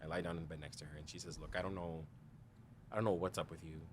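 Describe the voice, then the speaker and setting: His pitch is extremely low and his tone steady, delivered quickly over a noisy background. On a podcast, this man tells a candid story from his own life, performing other people's lines, saying "like" and "you know" constantly, and laughing often.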